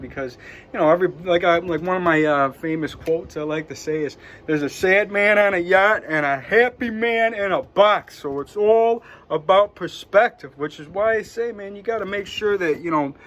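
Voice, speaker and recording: A man's voice: on the high side, slight background noise. Rambling, upbeat motivational man. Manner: rambling and upbeat, many 'you know' and 'man'. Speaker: wellness vlogger. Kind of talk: casual motivational monologue. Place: at home, seated in a chair.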